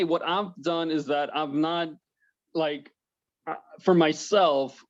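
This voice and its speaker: Relaxed man giving advice, lo-fi. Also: fairly high pitch. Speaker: panel guest. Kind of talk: casual panel chat. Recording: dull lo-fi sound.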